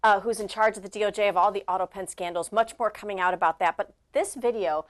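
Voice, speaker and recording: A woman's voice: medium pitch, steady tone, fast talker. A woman co-hosting a talk show, chatty and gossipy in a casual conversation. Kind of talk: casual chat.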